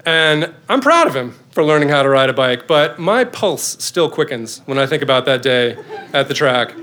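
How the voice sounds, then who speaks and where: A middle-aged man, a father, telling a personal story on stage with lively, self-mocking comic timing. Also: a little high, normal speed. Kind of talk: live storytelling performance.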